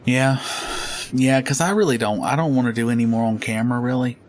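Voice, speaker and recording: A man's voice: mid-range voice, brisk, a little hiss or hum. A middle-aged man chatting casually while playing a game, rambling through stories and laughing often. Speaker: gaming channel host.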